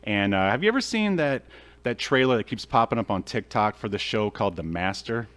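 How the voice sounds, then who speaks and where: A man's voice: fairly low pitch, expressive, fairly quick, a bit bright. A man hosting a podcast, talking casually and jokily with many fillers. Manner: jokey, filler-heavy. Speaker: podcast host.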